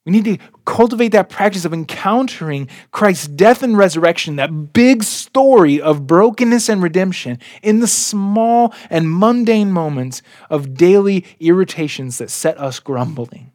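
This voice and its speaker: A man preaching a sermon as a pastor, in a slow and earnest way, his voice often dropping soft at the ends of phrases. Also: high voice, lively intonation, no echo, studio quality.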